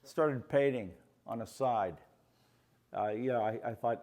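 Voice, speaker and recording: A man's voice: mid-range voice, measured pace, a little mellow. An older man from the Pittsburgh area, speaking as the featured artist at a gallery talk and telling rambling, anecdotal stories to an audience, with many "you know" fillers. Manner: acts out quoted voices in his stories. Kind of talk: storytelling at a live artist talk. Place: art gallery, before an audience.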